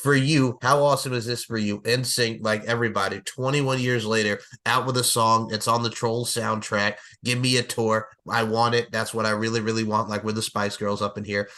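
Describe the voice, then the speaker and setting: Casual podcast host, a man in his forties, excitable, quick to laugh. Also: lowish voice. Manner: excitable, swears, laughs often. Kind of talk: casual chat.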